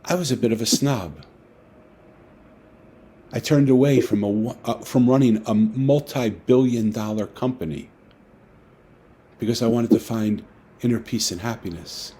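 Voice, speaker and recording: Animated male author telling a story. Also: medium pitch, a little slow, pauses often, husky. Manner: animated storyteller, acting out dialogue. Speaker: author guest. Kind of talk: storytelling talk.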